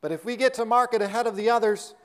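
A man's voice: very high voice, steady tone, quick pace, smooth. A man voicing an impatient, hotheaded young farmer son in a sermon story, pushy and complaining.

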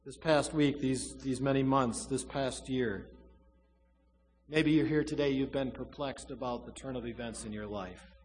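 A man preaching a sermon, swelling loud and then dropping to a hush, drawing out key words slowly. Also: mid-range voice, big-room sound, slight background noise. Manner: dramatic preaching, swells loud then drops to a hush, slow emphatic stresses.

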